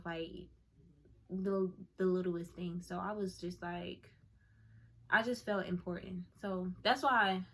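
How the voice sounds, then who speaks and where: A young woman gushing as she tells a casual story to her viewers, full of "like" and "oh my goodness". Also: on the low side. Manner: excitable, gushing, lots of fillers like "like" and "oh my goodness". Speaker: YouTuber telling a story. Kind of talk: casual story time to camera.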